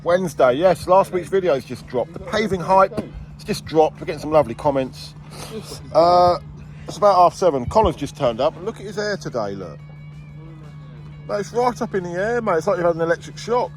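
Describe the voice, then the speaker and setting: A man's voice: high-pitched, expressive, fairly quick. A man talks to his camera outdoors on a work site, chatty and rambling with plenty of banter. A handheld camera catches his voice in the open air. Faint music sits under the talk. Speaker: vlogger, landscaping business owner. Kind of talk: casual on-site vlog chat.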